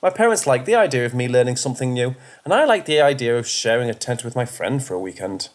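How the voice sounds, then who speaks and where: A man reading first-person horror stories aloud in a steady, measured way. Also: mid-range voice. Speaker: horror story narrator. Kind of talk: scripted first-person narration.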